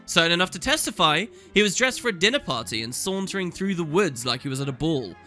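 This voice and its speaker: A man voicing a charming, roguish young nobleman with a smooth, teasing delivery. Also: fairly high pitch, very animated, fast, pushed and bright, soft background music.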